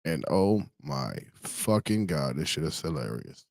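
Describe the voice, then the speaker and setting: A man's voice: a bass voice, sing-song, unhurried, vocal fry, a little mellow, no echo. A man hosting a casual show, reading memes aloud with profane, laughing amusement. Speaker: host.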